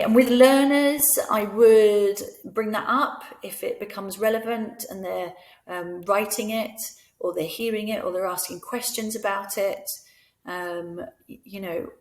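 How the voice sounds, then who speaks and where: A woman teaching French to fellow teachers, patiently explaining and slowly modelling each word. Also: medium pitch, darkish tone, roomy sound. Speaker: teacher trainer. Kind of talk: instructional voice-over lesson.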